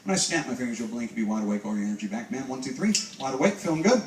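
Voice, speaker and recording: A man's voice: mid-range voice, animated. Man doing a stage hypnosis act. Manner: slow soothing trance commands mixed with upbeat crowd banter. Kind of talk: live stage hypnosis show. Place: cruise ship show lounge with live audience. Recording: echoey room from far off, loud crowd and noise.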